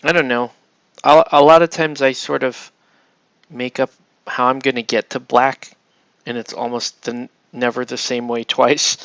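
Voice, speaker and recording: A man talks casually to his stream viewers while he paints, rambling and poking fun at himself. His voice has a gravelly, bright edge. The sound is dry and close, with no room around it. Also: mid-range voice, flat delivery, a little slow, no room sound. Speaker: miniature painter streaming live.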